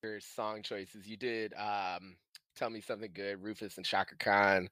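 A man's voice: fairly low pitch, flat delivery, measured pace, pushed and bright, no room sound. A man hosting a casual interview, asking questions with many hesitations and friendly laughs. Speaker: podcast host.

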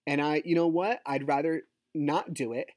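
A man's voice: on the high side, fairly even intonation, moderate pace, a little mellow, no echo, studio quality. A man hosting his own podcast, ranting in an agitated, swearing, rambling way about a custody fight. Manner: agitated, swears, talks over himself. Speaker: podcast host; divorced father. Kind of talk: casual ranting monologue.

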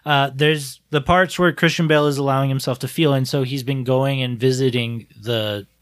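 A man's voice: mid-range voice, fairly even intonation, moderate pace, no echo, clean studio sound. A man co-hosting a podcast in casual chat, joking and cursing freely as he keeps the talk on track. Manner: joking, profane, steers the talk. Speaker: podcast co-host.

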